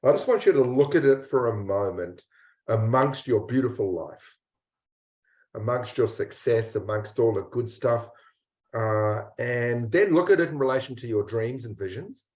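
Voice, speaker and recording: A man's voice: medium pitch, lively intonation, a little mellow. Male coach guiding a reflection, intimate and blunt, roomy room tone. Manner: slow, repetitive, intimate, blunt at times. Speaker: mindset coach. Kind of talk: guided reflection talk. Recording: roomy dull lo-fi recording.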